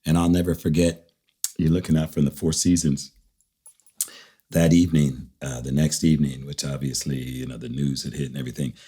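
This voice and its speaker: A man speaking quietly and reflectively as a guest in a casual interview. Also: a bass voice, steady tone, brisk, breathy edge. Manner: quiet, reflective, soft reactions. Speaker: guest musician.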